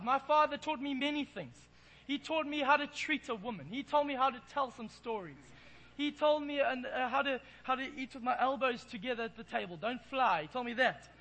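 A man's voice: extremely high pitch, bright, forceful tone, rough recording. An Englishman preaching in church, telling a self-deprecating, playful story. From England. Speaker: pastor. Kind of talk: sermon with humorous storytelling.

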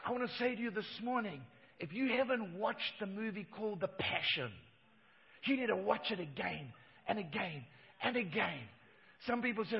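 A middle-aged man preaching a sermon, swinging between loud emphatic lines and hushed ones. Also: sits high, lively intonation, moderate pace, gravelly. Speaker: pastor. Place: church hall. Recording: dull church hall reverb.

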